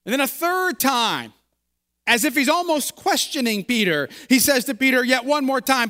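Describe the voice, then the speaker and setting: A man's voice: very high voice, lively intonation, normal speed, sharp tone. A man preaching as a pastor, reading scripture, praying, then retelling the story in a loose, conversational way with fillers and repeated words. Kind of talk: sermon with scripture reading and prayer. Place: church sanctuary. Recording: long church reverb.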